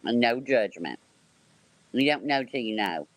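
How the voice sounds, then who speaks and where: A man's voice: medium pitch, animated, unhurried, no room sound. Man panel host, reassuring and casual, dry close sound. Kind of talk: live-stream panel talk.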